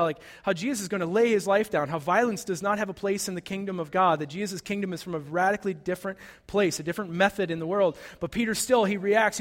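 A man with a notably high voice delivers a sermon as a casual, conversational story. He keeps asking "right?" and leans on "like." A long reverb trails behind his voice, as in a large hall. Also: a bit bright. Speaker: pastor.

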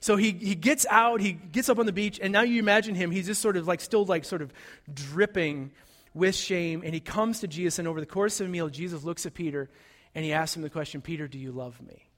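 A man's voice: sits high, fairly quick, a bit bright. A man preaching a sermon, retelling a story in a conversational way and often checking in with "right?". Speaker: pastor. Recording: long hall reverb.

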